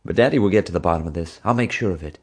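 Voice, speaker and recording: A man with a deep voice voicing a bold, teasing young girl who talks eagerly and asks endless questions in a storybook reading. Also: racing, slightly rough.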